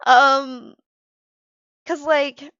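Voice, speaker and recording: A woman's voice: sits high, fairly bright tone, dry recording, highs cut off. A tired woman streamer chatting casually while she draws. She rambles and interrupts herself, and is frank about being emotional. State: tired from little sleep. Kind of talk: casual live-stream chat while drawing.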